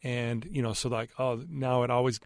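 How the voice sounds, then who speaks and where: Man guest, earnest storyteller, candid, mid-pitched, dry mic. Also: level tone, moderate pace, dry recording. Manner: earnest, candid, with frequent fillers. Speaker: podcast guest. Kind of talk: personal storytelling.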